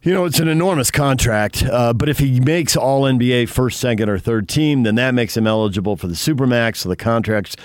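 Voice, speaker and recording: A man's voice: medium pitch, brisk, hardly any pauses, no room sound, clean studio sound. A man co-hosting sports talk, chatty and explanatory, laughing easily between points. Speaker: sports radio co-host.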